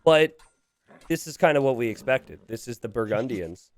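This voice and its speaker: A man casting a strategy game, joking with his co-caster and laughing often. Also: mid-range voice. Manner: animated, joking, quick to laugh. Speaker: esports caster. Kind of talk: live game commentary with banter.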